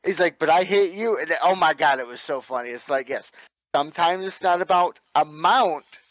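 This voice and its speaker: A middle-aged man spins airsoft stories in easy, profane podcast chat, often laughing as he goes. His voice sits a little high for a man, and the sound is dry and close. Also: moderate pace, a bit bright, no echo, poor audio. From North Carolina. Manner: laid-back, swears freely, laughs while telling stories. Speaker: airsoft field owner, guest. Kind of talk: casual storytelling chat.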